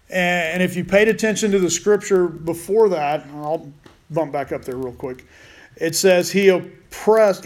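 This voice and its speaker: A man teaching a Bible study in a casual way, with rambling, joking asides. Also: high-pitched.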